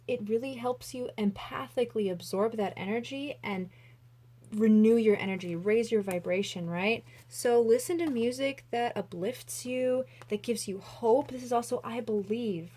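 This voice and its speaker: A young woman with a fairly high voice gives a casual tarot reading. She gushes with emotion and fills her talk with "like." She sounds young and enthusiastic. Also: darkish tone. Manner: gushing, emotional, lots of "like" fillers. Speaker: tarot reader.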